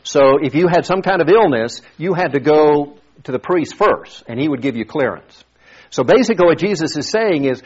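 Male pastor, casual sermon delivery with restarts, slightly husky voice, dull lo-fi recording. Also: a little high, animated, normal speed. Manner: conversational, repeats words while thinking. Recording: dull lo-fi sound.

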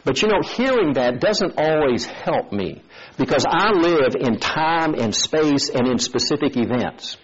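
A man preaching a sermon, telling a story and acting out its voices in an animated way. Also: fairly high pitch, a little slow, breathy edge, muffled recording.

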